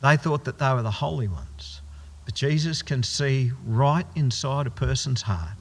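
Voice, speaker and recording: A man's voice: mid-range voice, unhurried, slightly rough. A man preaching a sermon as pastor, emphatic and posing rhetorical questions he answers himself. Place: church. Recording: long church hall reverb.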